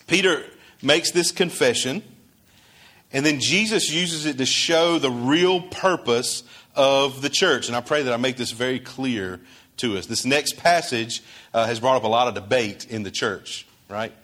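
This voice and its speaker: A man's voice: mid-range voice, measured pace, fairly bright tone. A male pastor preaching a sermon in a conversational way, asking his congregation questions and acting out quoted dialogue.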